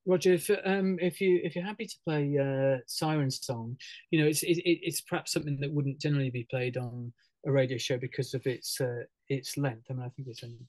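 Halting, chatty male musician. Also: medium pitch, steady tone, darkish tone, no room sound, poor audio. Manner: halting, many fillers and restarts, laughs often. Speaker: musician guest. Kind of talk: casual radio interview over a video call.

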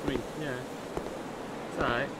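A man's voice: medium pitch, normal speed, very noisy. A man hosting a let's play, giving casual, rambling gameplay commentary. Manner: rambling, easygoing, lively.

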